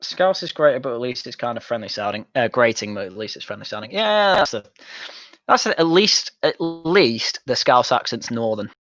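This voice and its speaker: A young man chats while gaming, blunt and sweary with a mocking edge. His pitch sits in the middle. The sound is dull and dry, like a close home mic. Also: lively intonation, normal speed, a bit bright, dry recording. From Manchester, England. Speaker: streamer. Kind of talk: casual chat while gaming.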